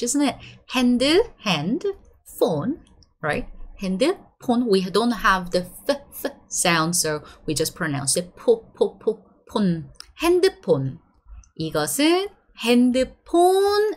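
A Korean teacher in her thirties, with a Korean accent and medium pitch, gives an online lesson. She is lively and encouraging, stretching out the example phrases slowly.

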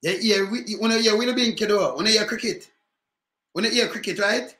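Jamaican male commentator, animated patois rant, bright voice. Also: sits high, a little fast, echoey room. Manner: animated patois ranting, repeated rhetorical questions. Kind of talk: livestream political commentary.

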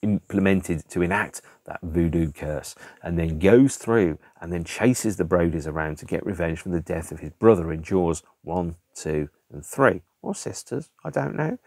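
A man with a low, deep voice talks through films on his podcast, sounding exasperated and emphatic, tossing out rhetorical questions and mild swearing. The sound is dry and close, with little room echo. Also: expressive, normal speed, few pauses, darkish tone. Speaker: podcast host reviewing films. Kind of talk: casual chatty film review.

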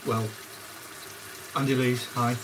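Amid the noisy sizzle of onions in a pan, a man with a mid-range voice hosts a cooking livestream. He talks slowly with little pitch movement, casually chatting and welcoming viewers by name.

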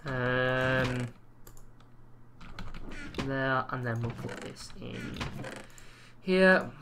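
A man's voice: medium pitch, drawn-out words, background noise. A man casually commentating his own gameplay, chatty and jokey, swearing now and then. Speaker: let's play host.

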